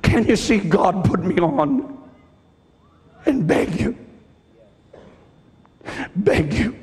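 A preacher with a high, ringing voice delivers a sermon in a big church hall with a long echo. He draws his words out slowly, shifting between hushed pleading and fervent shouting. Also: lively intonation. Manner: pleading, swings from hushed near-whispers to shouted exhortation.

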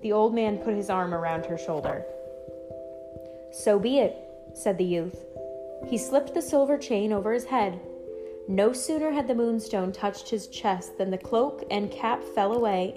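Woman storyteller, bedtime story reading, gentle, even, mid pitch, soft music playing behind. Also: normal speed.

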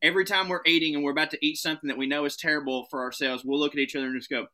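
A man telling comic stories in casual podcast talk, animated and profane, often laughing as he goes. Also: on the high side, rapid-fire. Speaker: podcast guest.

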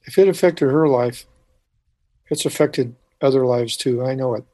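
A man telling a personal story in conversation, halting with frequent restarts and dropping quiet at moments. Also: medium pitch. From United States. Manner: halting, restarts often, quiet when recalling. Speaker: speaker telling his life story.

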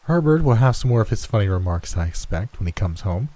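Old mother figure, anxious and pleading, for a horror storybook read by a man, gravelly and dark. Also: lowish voice, animated, fast talker. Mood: wry. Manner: pleading, rising to frantic.

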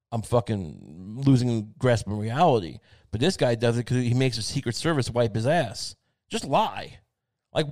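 A man in a casual, profane, rambling rant, full of fillers and restarts, who bursts into loud mocking quoted outbursts. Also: medium pitch, no room sound, studio quality. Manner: acts out mocking quoted rants in a raised voice.

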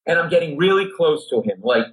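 A middle-aged comedian telling a comic anecdote on a talk show, animated, acting out voices and his own panic. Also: on the high side, quick pace, slightly rough, poor audio. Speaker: comedian guest.

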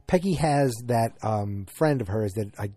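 Casual male recapper, rambling and halting, mellow tone, mid pitch. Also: lively intonation, slightly rough, no room sound. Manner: halting, many restarts and fillers, rambling. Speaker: show recap host.

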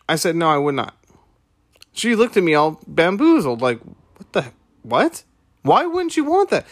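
A man's voice: mid-range voice, fairly bright tone, no echo, studio quality. A man hosting a podcast, retelling a conversation and making his point in an emphatic, preachy way with repeated rhetorical questions. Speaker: podcast host.

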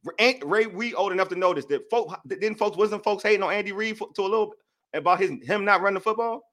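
A man's voice: high voice, quick pace, fairly bright tone. A young man with a DC-area accent, co-hosting a sports show, venting heatedly and repeating himself for emphasis. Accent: DC-area American English. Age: young adult. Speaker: sports podcast co-host. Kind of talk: heated casual sports talk.

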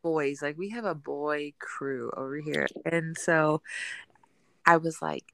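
A woman co-hosting a podcast who tells animated family stories, acting out the quotes, and encourages listeners. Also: low-pitched, slow pace, no echo. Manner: animated storyteller, acts out her family in quotes. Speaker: podcast co-host. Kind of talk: casual chat and encouragement.

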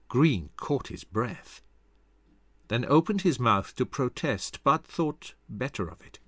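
A man reading a scripted history narration in a dramatic, expressive way into a close studio mic. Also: medium pitch, a little slow, breathy edge, no room sound.

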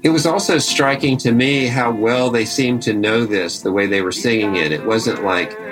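A man giving relaxed, conversational commentary on archival recordings of old songs. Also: mid-range voice, normal speed, over music, low-quality recording. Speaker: archival music presenter. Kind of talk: casual spoken commentary between archival song clips.

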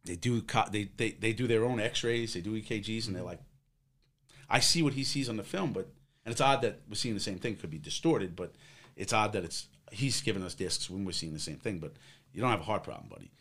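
A middle-aged man with a fairly low voice tells a long personal story in a podcast-style conversation. He rambles, leans on fillers, and acts out the other people's lines as he goes. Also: fairly quick, a bit bright. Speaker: guest, former police officer.

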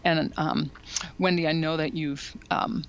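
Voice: mid-range voice, steady tone, a little slow, creaky, fairly bright tone. Thoughtful podcast guest, slightly dull audio. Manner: thoughtful, many fillers and restarts, explanatory. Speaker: podcast guest and parenting educator. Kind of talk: casual podcast conversation.

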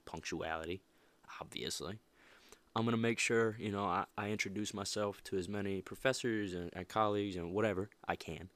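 With a voice on the low side and a fairly bright tone, this young podcast host talks motivation in a relaxed but emphatic way. He restarts often and leans on fillers, and the recording is dry.

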